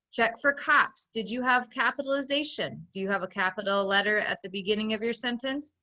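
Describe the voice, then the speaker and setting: A woman teaching a recorded phonics lesson to young children, patiently guiding them step by step and slowly sounding out each sentence. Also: on the high side, expressive, bright, forceful tone. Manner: slow, clearly sounding out dictated sentences.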